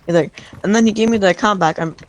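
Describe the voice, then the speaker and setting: A young man casually telling a rambling, excited story over game voice chat, full of restarts and retold back-and-forth. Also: sits high, fast. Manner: rambling, excited retelling with many restarts and "I'm like".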